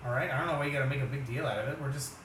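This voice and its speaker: A man's voice: medium pitch, rapid-fire, fairly bright tone, a little hiss or hum, close to an everyday voice. A man doing a fumbling, sheepish date guy. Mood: awkward. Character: awkward young man on a date. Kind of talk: improvised comedy scene. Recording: roomy, from a distance.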